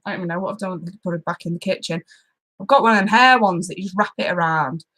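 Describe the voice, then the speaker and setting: A woman's voice: lowish voice, fast, fairly bright tone. Giggly chatty woman reading tarot live. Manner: chatty, giggly, talks to viewers by name. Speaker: tarot reader hosting a live stream. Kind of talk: casual live-stream chat.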